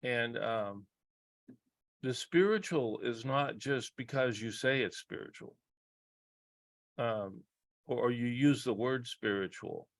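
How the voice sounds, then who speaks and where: This is a guest psychologist, male, talking reflectively on a video call with no room sound. He has a medium pitch and an earnest, halting delivery marked by frequent pauses and restarts.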